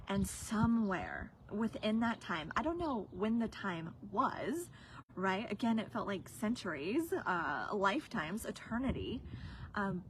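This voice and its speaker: Woman, business coach, heartfelt storytelling, emotional, occasional whispers, mid pitch, noisy background. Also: lively intonation, takes it slowly. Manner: earnest and emotional, at times dropping to a whisper. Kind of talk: personal storytelling on a livestream.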